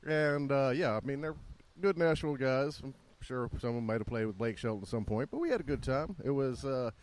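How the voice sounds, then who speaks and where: A man co-hosting a podcast in casual chat, laid-back with frequent pauses. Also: mid-range voice, animated. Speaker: podcast co-host and musician.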